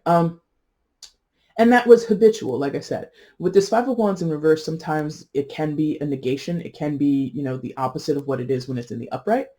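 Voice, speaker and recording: A tarot reader talking through a reading in a casual, digressive way, with many asides, "you know"s and laughs at their own jokes, sometimes slowing to stress key words. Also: mid-range voice, mellow.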